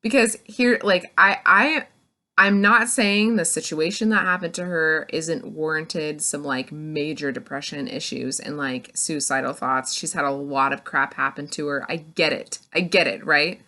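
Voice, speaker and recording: Young-ish woman rambling through a book recap, bright sharp tone, kinda low pitch, says like a lot. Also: fairly even intonation, a little slow. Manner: gushing, filler-heavy, full of "like". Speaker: book reviewer. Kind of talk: casual spoiler recap.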